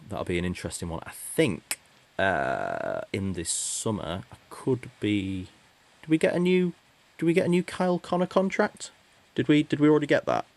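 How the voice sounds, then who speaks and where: A man co-hosting a hockey podcast, talking casually and rambling with many restarts. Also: deep voice. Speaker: podcast co-host.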